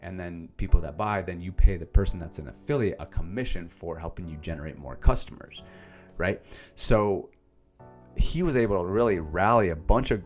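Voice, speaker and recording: Young man, very low voice, animated casual vlog talk, faint music underneath. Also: moderate pace. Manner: animated, emphatic delivery with many fillers. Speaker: self-help book summarizer.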